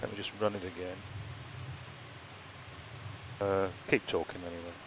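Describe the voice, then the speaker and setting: A man's voice: low-pitched, little pitch movement, normal speed, heavy background noise. A man flying a home flight simulator who chats casually and explains things with dry jokes. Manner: joking, explains things wryly. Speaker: simulator pilot.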